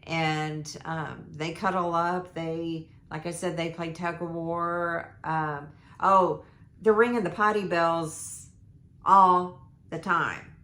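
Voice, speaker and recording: Slow hoarse grandmother. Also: fairly low pitch, steady tone, a bit bright. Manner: meandering, lots of ums and restarts. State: hoarse, losing her voice. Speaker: vlogger. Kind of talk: rambling casual life update. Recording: echoey room.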